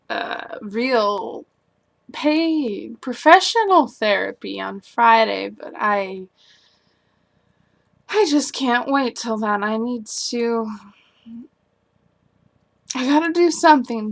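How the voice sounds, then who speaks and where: A young adult woman talking through her worries in a personal vlog, rambling and anxious, often trailing off into quiet. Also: on the high side, gravelly. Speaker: vlogger.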